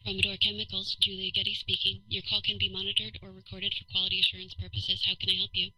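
An actress playing a woman who answers a company phone in a flat, clipped monotone for a radio drama. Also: medium pitch, quick pace, rough recording. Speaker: office receptionist character.

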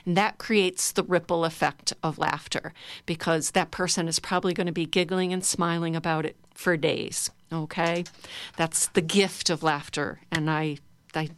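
A woman's voice: deep voice, smooth, no echo. A woman leading a guided laughter exercise for a group, coaxing and playful. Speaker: laughter yoga leader.

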